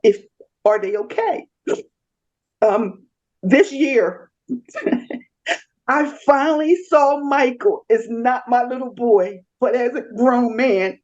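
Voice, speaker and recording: A middle-aged woman, a mother and interview guest, speaking in a tender, halting, emotional way. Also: a little high, a little mellow, highs cut off.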